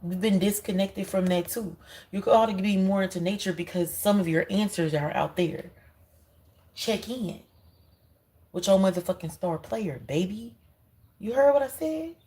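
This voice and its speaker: A woman's voice: mid-range voice, moderate pace, warm tone, poor audio. A woman giving an intuitive card reading, speaking emphatically and straight to her viewers, often repeating herself. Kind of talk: spiritual card reading monologue.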